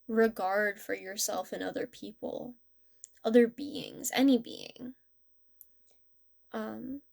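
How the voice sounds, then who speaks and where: A young woman talks through a tarot reading in a relaxed, gentle way. She rambles and restarts her sentences often. Her voice sits a little high. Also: gravelly. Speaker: tarot reader. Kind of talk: casual spiritual reading.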